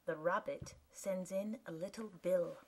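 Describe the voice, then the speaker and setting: A woman narrating a classic novel as an audiobook, with a soft, breathy reading manner. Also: lowish voice, unhurried, low-quality recording. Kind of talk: scripted narration.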